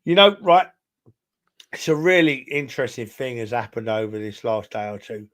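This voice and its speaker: In this football podcast, a co-host with an expressive, slightly bright mid-range voice talks at a normal speed. He's a bit tipsy, rambling and emphatic, and he keeps addressing the other host as "son."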